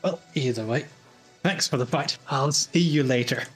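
A man voicing a hulking male half-Goliath, half-Minotaur fighter, with a gruff, teasing manner and a husky voice. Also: mid-range voice, moderate pace, soft background music, close to an everyday voice.

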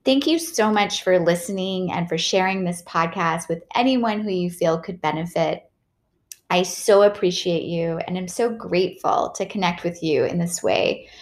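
A woman's voice: on the low side, moderate pace, pauses often. A woman comedian hosts her podcast in easygoing chat. She sounds bubbly and playful, slipping little jokes into her talk.

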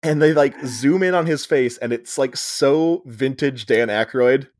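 Unhurried and medium-pitched, this man co-hosts a podcast where he casually retells a movie's story. He acts out quoted dialogue and frequently breaks into laughter.

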